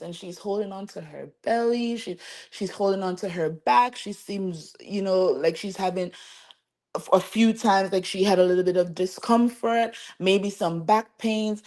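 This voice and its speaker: A woman hosting a celebrity gossip show, giving chatty, animated commentary and talking straight to her viewers. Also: medium pitch, measured pace. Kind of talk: casual commentary to camera.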